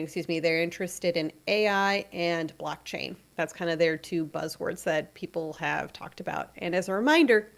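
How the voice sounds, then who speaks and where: A woman co-hosting a podcast, chatting casually and laughing easily as she walks through news step by step. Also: fairly low pitch. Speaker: podcast co-host. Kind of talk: casual chat.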